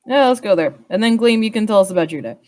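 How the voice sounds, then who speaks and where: A woman's voice: medium pitch, expressive, fast talker, darkish tone. A woman playing a tabletop game, talking in a casual, teasing way. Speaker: player. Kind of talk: tabletop role-play.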